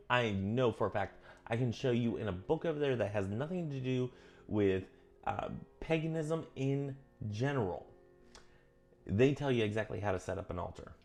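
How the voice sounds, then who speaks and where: On his vlog, a man works through a witchcraft book, offering loose, rambling commentary. His tone is darkish and earnest; he often stops to correct himself, drifts into side topics, and his pitch leaps when he stresses a point.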